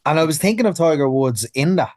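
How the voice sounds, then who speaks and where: A man co-hosting a podcast, enthusiastic and quick to exclaim and laugh. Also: fairly high pitch, animated, darkish tone, no room sound. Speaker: podcast co-host. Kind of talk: casual podcast chat.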